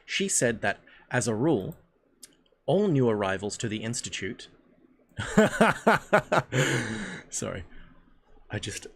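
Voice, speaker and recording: A man's voice: on the low side, lively intonation, normal speed, pauses often, husky. Slangy man reading aloud with asides. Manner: stumbles over words, slangy jokey asides. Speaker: streamer leading a reading group.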